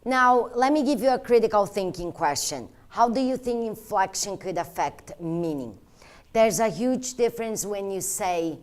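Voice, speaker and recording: A woman giving an interpreter training lesson, voice sitting in an ordinary middle pitch. She explains step by step in an earnest, plain way, and her phrasing sounds slightly non-native. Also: expressive, normal speed. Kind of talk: instructional talk.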